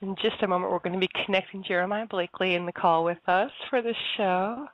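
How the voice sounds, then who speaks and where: A woman's voice: mid-range voice, fairly even intonation, quick pace, no room sound. A woman hosting an internet radio show, chatty and apologetic, laughing easily as she talks. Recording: dull lo-fi audio, dry.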